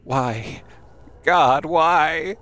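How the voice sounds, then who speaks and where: A man's voice: on the high side, animated, a little slow, a bit bright, voice pushed up. A man putting on a frantic grieving mother. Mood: anguished.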